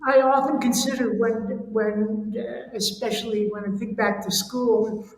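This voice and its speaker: A host chatting with a juror, adding a measured aside about musical purists. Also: mid-range voice, fairly even intonation. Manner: brief agreeing replies, then a measured aside. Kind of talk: conversational hosting. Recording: roomy echo with long reverb, faint noise.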